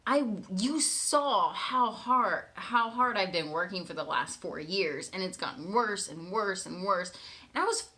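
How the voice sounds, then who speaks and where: A woman telling her partner a personal story in a candid, animated way, swearing freely and often checking in with "right?". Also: medium pitch, measured pace. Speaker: manifestation coach.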